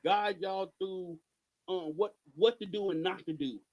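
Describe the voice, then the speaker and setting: A man's voice: sits high, steady tone, unhurried, darkish tone, lo-fi sound. A man co-hosting a podcast, giving passionate political commentary with emphatic rhetorical questions. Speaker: podcast co-host.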